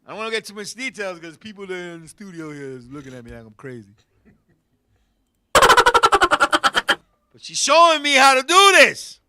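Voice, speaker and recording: Man, studio host, comedic storytelling, very high voice, piercing tone. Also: moderate pace, pauses often, a little hiss or hum. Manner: animated, loud bursts, laughing asides. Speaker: podcast host.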